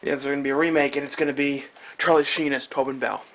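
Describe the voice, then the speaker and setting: A young man with a hoarse voice, chatting and joking to camera in a casual vlog, recorded on a camcorder. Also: medium pitch, little pitch movement, fast talker, fairly bright tone, poor audio. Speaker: vlogger. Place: outdoors in woods, then indoors at home. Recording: faint background noise.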